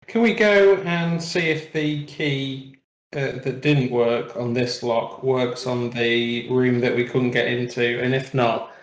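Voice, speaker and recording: A man playing a tabletop game, suggesting plans in a measured way with filler pauses. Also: mid-range voice, fairly even intonation. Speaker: player. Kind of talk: casual game chat. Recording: echoey room.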